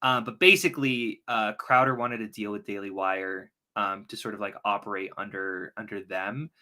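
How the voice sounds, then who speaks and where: A man's voice: fairly low pitch, steady tone, moderate pace, bright, forceful tone. A man talking as a guest in a casual political chat, easygoing and hesitant with frequent restarts.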